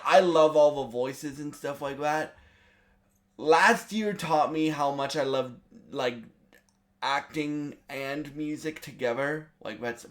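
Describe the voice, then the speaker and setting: A man reviewing a movie in a casual video, eager and halting, with many restarts and fillers. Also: medium pitch.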